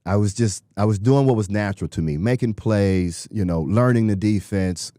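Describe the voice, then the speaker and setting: A middle-aged former football player telling stories in an interview, animated and acting out quotes from people he met. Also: lowish voice, moderate pace, dry recording, studio quality. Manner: animated storyteller, acts out quotes. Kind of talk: conversational interview storytelling.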